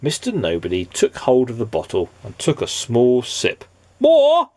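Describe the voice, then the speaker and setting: Expressive dad reading a storybook aloud. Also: male voice, medium pitch, normal speed. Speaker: father reading to children.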